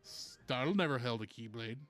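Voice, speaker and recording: A man's voice: medium pitch, expressive, a little fast, fairly bright tone, soft background music. A man giving casual walkthrough commentary on a video game, explaining with lots of "uh" fillers and answering chat. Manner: chatty, explaining with many "uh" fillers; reads chat messages and replies.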